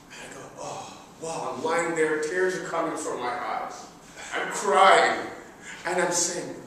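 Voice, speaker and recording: A middle-aged man giving a humorous speech, telling a self-mocking story in an animated, chatty way. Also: high-pitched, distant mic, slight background noise. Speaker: public speaker. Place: large hall. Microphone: distant room mic. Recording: echoey hall recorded from afar.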